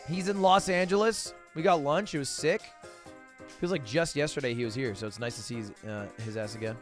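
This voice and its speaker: A young man livestreaming and chatting casually with his audience, telling stories in an excited, rambling way with stammering restarts and plenty of swearing. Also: medium pitch, brisk, soft background music. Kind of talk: casual chat with a live audience.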